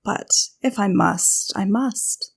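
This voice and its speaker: A woman playing a composed, formal adventurer who speaks in a clipped, mock-polite way, with a gravelly, husky voice. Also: mid-range voice, takes it slowly, full character voice.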